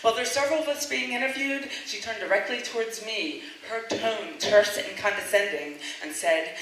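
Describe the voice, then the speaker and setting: A woman's voice: low-pitched, moderate pace, fairly bright tone, far from the mic. A woman performing a spoken word piece, speaking with impassioned, defiant emphasis. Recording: very echoey room.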